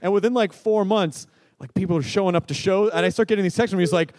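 A man co-hosting a live comedy podcast on stage, riffing and swearing in animated banter. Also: sits high, quick pace, no echo. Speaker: podcast co-host.

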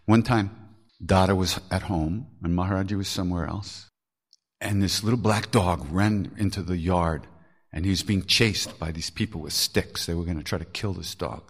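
Speaking at normal speed in a low-sitting voice, an older male podcast host candidly shares reflective spiritual stories, swearing casually and laughing frequently.

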